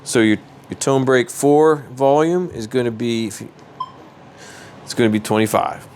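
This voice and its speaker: A man's voice: mid-range voice, normal speed, darkish tone, slight background noise. A man hosting a hobby channel, walking through device settings step by step in a casual, rambling way and correcting himself as he goes. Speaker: metal detecting channel host. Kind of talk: casual how-to walkthrough.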